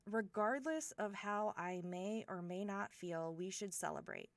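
Slow, gravelly woman in a role-play monologue. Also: mid-range voice, no echo. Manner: teasing, affectionate, talks to a silent listener. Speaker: older sister of the listener's best friend. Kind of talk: one-sided audio role-play monologue.

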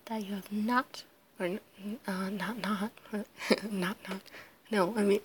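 Hoarse, sick woman talking slowly. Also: medium pitch, level tone, a little hiss or hum. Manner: halting and apologetic, with nervous laughs. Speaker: audio creator answering a questionnaire. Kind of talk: casual solo recording.

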